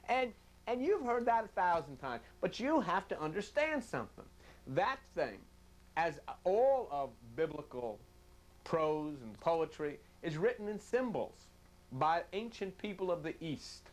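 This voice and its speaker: A man preaching a sermon on scripture in a folksy, animated way, acting out quoted voices. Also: high voice, measured pace.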